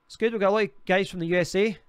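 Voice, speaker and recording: Scottish streamer, Glasgow accent, rambling host reading comments, clean resonant tone. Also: male voice, sits high, steady tone, racing, clean tone, no echo, clean studio sound. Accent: Glaswegian Scottish. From Scotland. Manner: rambling, restarts often, chatty. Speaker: livestream host. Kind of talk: casual live stream chat reading comments.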